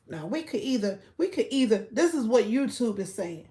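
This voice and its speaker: Woman ranting on a livestream, AAVE, kinda high voice, keeps going loud then mumbly. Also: sing-song, normal speed. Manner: ranting, keeps asking "you feel me", swings between loud outbursts and low mutters. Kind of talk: casual livestream rant.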